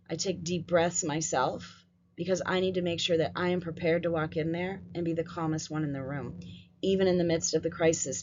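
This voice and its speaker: A woman with a lowish voice leads a staff training talk, relaxed and conversational, checking in with her listeners as she goes. The audio is dull and lo-fi, with a faint hiss underneath. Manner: conversational, frequent "right?" and "um". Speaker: school behavior trainer. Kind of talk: training presentation.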